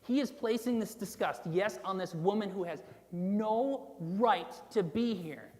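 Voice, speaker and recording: A woman pastor preaching a sermon in a loose, chatty way, with fillers and asides to the room. Her voice sits at an ordinary pitch and carries a long church reverb. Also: darkish tone. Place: church sanctuary.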